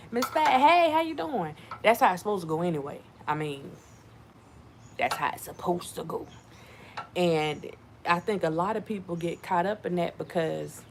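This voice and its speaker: A woman giving casual commentary to her viewers, animated and repetitive, talking to them as y'all. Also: fairly low pitch, gravelly, slight background noise. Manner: animated, repeats herself, addresses viewers as y'all. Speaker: channel host.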